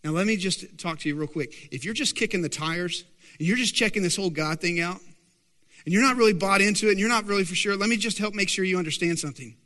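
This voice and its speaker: A man preaching a sermon as pastor, animated and often asking the congregation questions. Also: sits high, a little fast, long reverb tail.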